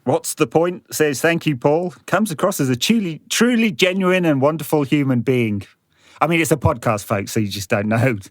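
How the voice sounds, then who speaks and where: Deadpan podcast co-host. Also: male voice, a little high, normal speed, no echo. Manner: dry, sardonic, deadpan. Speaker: podcast co-host reading listener questions. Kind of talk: casual podcast chat.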